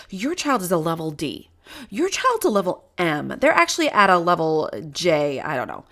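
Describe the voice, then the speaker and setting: An enthusiastic woman teaching parents, with a fairly low voice. She explains with everyday examples and a friendly, upbeat energy. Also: a bit bright.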